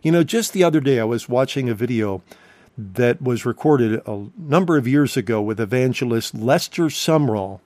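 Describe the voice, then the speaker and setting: A man's voice: mid-range voice, expressive, moderate pace, a little mellow, no echo. A man preaching a recorded sermon, emphatic and fond of rhetorical questions.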